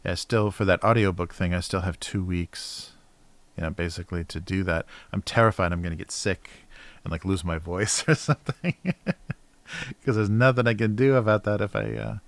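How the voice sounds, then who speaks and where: Low-voiced man chatting while drawing. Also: steady tone, normal speed, vocal fry, no room sound. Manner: mumbling to himself, trailing off, soft laughs. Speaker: cartoonist livestreamer. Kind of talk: casual chat while drawing.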